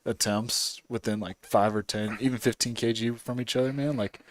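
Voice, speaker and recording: A man with a lowish, fairly flat voice hosts a podcast. He talks casually and uses "like" a lot as filler. The sound is dry and close. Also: normal speed, no echo. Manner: chatty, filler-heavy with lots of "like". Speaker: podcast host. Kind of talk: casual interview talk.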